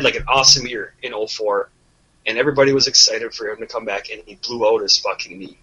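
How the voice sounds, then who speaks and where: A man's voice: medium pitch, bright, forceful tone, husky, poor audio. A man co-hosting a podcast, talking sports in a blunt, profane, rambling way. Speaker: podcast co-host. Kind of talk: casual sports chat.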